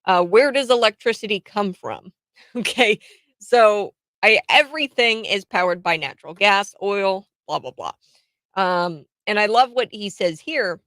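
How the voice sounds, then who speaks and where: A woman hosting a talk radio show, giving opinionated commentary in a chatty way, laughing often and filling pauses with many "uh"s and restarts. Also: mid-range voice, expressive, fairly bright tone, dry recording.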